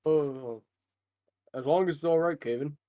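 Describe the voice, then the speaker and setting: Man as courteous traveler, halting, mildly high. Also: no echo, muffled recording, natural voice. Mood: polite. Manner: polite, halting.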